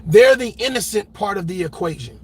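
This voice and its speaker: A man's voice: sits high, expressive, fairly quick, a little mellow, a little hiss or hum. A man giving a heated reaction commentary, emphatic and blunt, repeating words and swearing freely as he argues. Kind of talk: ranting commentary.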